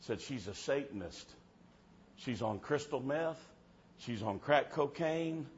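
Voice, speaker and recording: A man preaching a revival sermon in church, telling stories and swinging from soft-spoken to shouting. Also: mid-range voice, expressive, slow pace. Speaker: traveling preacher. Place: church service. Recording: dull muffled sound with faint background hiss.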